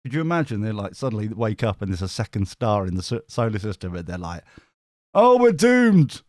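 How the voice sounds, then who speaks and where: A man's voice: lowish voice, quick pace, a little mellow, no room sound, clean studio sound. A man with a British accent, giving a chatty live tarot reading. He rambles, gets sidetracked and swears casually. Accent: British English. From Britain. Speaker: tarot reader.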